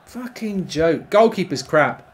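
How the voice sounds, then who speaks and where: Male streamer, 30s, sweary live game commentary, animated pitch, faint hiss. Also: unhurried. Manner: swearing, excitable outbursts. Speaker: gaming streamer.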